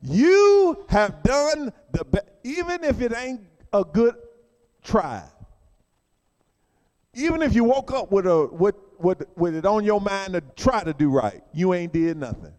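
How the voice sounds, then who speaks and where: A man's voice: high-pitched, big pitch swings, a little slow, darkish tone, big-room sound. A male pastor preaching a fervent sermon, colloquial and repeating phrases for emphasis, calling on the congregation to respond.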